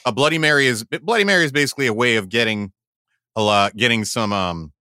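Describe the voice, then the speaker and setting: A man's voice: medium pitch, quick pace, bright, forceful tone, clean tone, no echo, clean studio sound. A man co-hosting a podcast, chatting casually and explaining things at length with frequent restarts. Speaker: podcast co-host. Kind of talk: casual chat.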